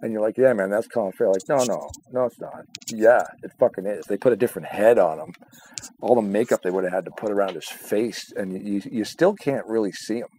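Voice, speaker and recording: Guy with a lowish voice chatting casually, cusses a lot, laughs a bunch. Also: fast talker, warm tone, a little hiss or hum. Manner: swears a lot, laughs often; acts out his own reactions in quotes. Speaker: podcast co-host. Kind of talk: casual chat.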